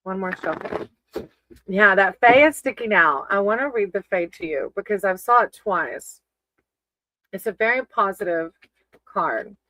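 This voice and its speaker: A woman's voice: medium pitch, lively intonation, measured pace, pauses often, bright, forceful tone, rough recording. A woman giving casual live-stream tarot readings, chatty and affectionate, calling her viewers sweetie and baby. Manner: chatty, reads names off a list.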